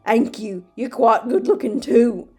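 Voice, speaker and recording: A swooning, overwrought young heartthrob turned killer, as a woman puts him on in a hammy fake British accent. The voice sits a touch higher and pushier than her usual talk. Every line lands as a melodramatic fan-fiction confession. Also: unhurried, a little mellow, husky, soft background music. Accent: put-on British. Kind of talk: comedic dramatic reading.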